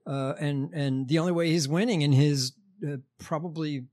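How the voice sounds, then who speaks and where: Male podcast host, casual political chat, halting and crude, voice a bit high. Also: steady tone, darkish tone. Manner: profane, halting with many fillers.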